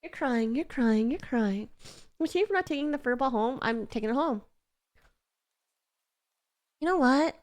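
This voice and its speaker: A woman streamer reads a story game aloud and chats with her viewers, her voice animated and somewhat dark at a normal pace with frequent pauses. She's emotional and gushing, letting out high squeals when something moves her.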